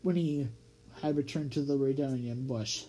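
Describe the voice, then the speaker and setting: A reader narrating a children's audiobook in a lively, expressive read-aloud manner with small slips. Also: medium pitch, moderate pace, slight background noise, low-quality recording.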